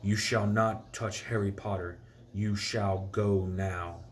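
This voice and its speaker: A man voicing an earnest, excitable little male house-elf while reading a storybook aloud. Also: normal speed, a little hiss or hum, close to an everyday voice. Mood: fierce. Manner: shrill, fierce pleading.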